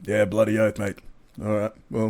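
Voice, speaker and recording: A man's voice: on the low side, completely flat delivery, normal speed, gravelly, darkish tone, voice pushed down. An Australian man playing a laid-back movie star in a blokey manner, calling people mate and bro.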